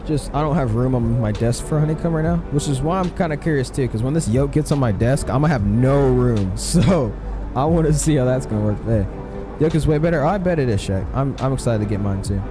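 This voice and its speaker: A man's voice: medium pitch, animated, brisk, few pauses, over music. A man live-streaming a flight simulator, chatting casually, answering his chat with lots of fillers.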